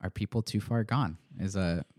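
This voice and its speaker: Hosting a church podcast, the pastor talks casually and reflectively, meandering with plenty of fillers and false starts. His low-pitched voice has a darkish tone and a normal pace. The audio is dry and clean, with studio quality.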